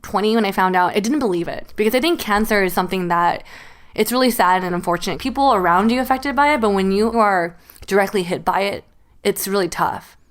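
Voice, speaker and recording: A woman's voice: medium pitch, a little fast. A woman in her late twenties, a podcast co-host, telling a personal story while crying, talking loosely with many fillers. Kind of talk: casual chat.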